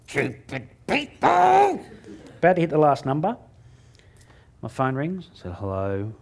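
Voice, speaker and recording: A man's voice: mid-range voice, sing-song, a little mellow. Joking man telling stories on stage. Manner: joking, self-mocking, quick asides. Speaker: motivational speaker. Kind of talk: humorous keynote storytelling. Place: stage before a live audience.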